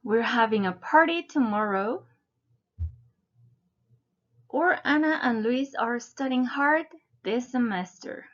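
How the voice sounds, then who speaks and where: A woman slowly and deliberately narrating a scripted English grammar lesson, spelling out word endings letter by letter. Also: on the high side, expressive, highs cut off. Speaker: English teacher.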